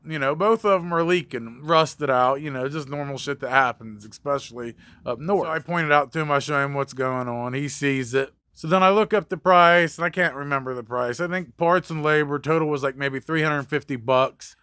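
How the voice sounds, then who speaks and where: A man's voice: a little high, normal speed, hardly any pauses, pushed and bright, clear, resonant tone, no room sound, studio quality. A man who works as a mobile mechanic, telling a story casually, with blunt, profane, conversational talk.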